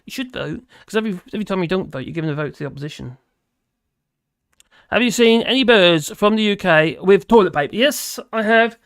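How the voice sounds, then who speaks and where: A man's voice: sits high, animated, brisk, fairly bright tone, no room sound, studio quality. An English man casually chatting on his live stream, rambling and laughing as he answers viewers' comments. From England. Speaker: livestream host. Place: home in rural France.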